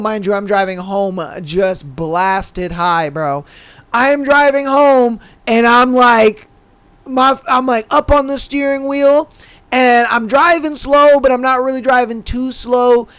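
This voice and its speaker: Young male podcast host, easygoing and casual, fairly high and crisp tone, swears freely. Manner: laid-back, says "bro" and "man" constantly. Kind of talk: casual storytelling monologue.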